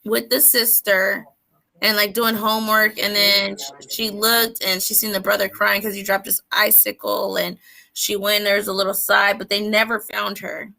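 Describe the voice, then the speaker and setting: A woman's voice: mid-range voice, little pitch movement, moderate pace, gravelly, pushed and bright. A woman hosting a casual online panel, chatting and directing the other callers. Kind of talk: casual chat on a video call. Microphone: video call.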